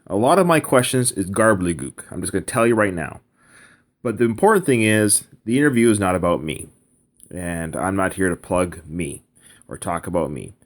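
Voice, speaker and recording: A man hosting a podcast, talking in a chatty, upbeat way with apologies mixed in. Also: lowish voice. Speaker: podcast host. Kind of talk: podcast intro and outro.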